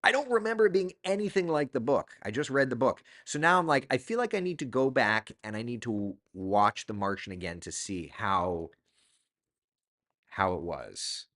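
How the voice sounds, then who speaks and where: Male host, middle-aged, casual live-stream chatter, reads comments aloud, animated intonation. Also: medium pitch, normal speed.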